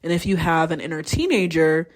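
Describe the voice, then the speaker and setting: Candid, frank young woman with a low voice. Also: a little fast. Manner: candid and frank, swears freely. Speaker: podcast host. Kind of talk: casual solo monologue.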